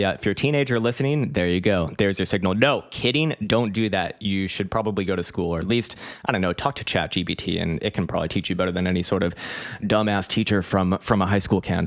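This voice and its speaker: Laid-back, low-voiced streamer man. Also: fast talker. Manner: loose and profane, heavy fillers and restarts, laughs often. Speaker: crypto trading streamer. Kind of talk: casual livestream chat reading viewer comments.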